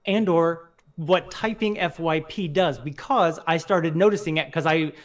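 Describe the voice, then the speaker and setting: This is a man with a fairly high voice and a lilt, co-hosting a relaxed podcast chat. He is animated and laughs often. He sometimes drops into playful put-on voices. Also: measured pace. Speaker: podcast co-host. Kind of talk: casual chat.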